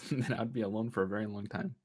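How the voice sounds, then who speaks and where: A man chatting casually with a teammate during a game, telling quick stories with laughs. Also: on the low side, steady tone. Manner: fast storytelling with laughs. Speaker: fellow player. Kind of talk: casual gaming chat.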